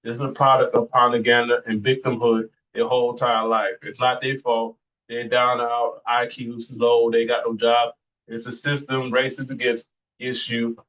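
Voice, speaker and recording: A man talks in a middle pitch, ranting bluntly and circling back to the same phrases. The sound is a little muffled and lo-fi, like a casual podcast mic. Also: flat delivery, normal speed. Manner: blunt, rambling, repeats phrases. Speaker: podcast host. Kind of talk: profane, heated reaction commentary.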